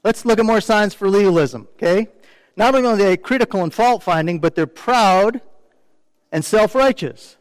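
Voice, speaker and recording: A man's voice: high voice, moderate pace, clean tone, no room sound, in a large hall. A man preaching a sermon in a conversational way, often asking the congregation questions and mimicking complainers. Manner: mimics complainers in quoted asides. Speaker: pastor.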